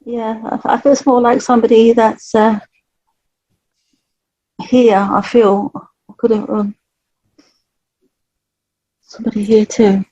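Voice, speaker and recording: Woman, spirit artist, gentle, chatty, dry dull recording. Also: on the high side, flat delivery, slow pace, pauses often, slightly rough, no room sound. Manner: gentle, chatty, laughs often. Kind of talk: live psychic drawing session.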